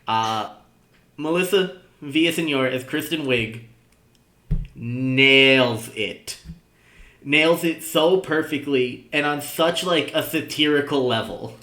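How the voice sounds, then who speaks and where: A young man co-hosting a podcast, chatting casually with frequent laughs and halting restarts. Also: on the high side, fairly bright tone, roomy sound. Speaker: podcast co-host. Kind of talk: casual chat.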